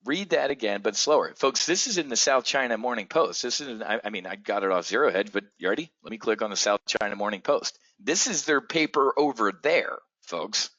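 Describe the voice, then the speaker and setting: A man hosting a live trading stream, talking bluntly and profanely with frequent stammered restarts and excitable outbursts. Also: mid-range voice, fairly quick, few pauses, no echo, highs cut off. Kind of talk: unscripted live stream talk.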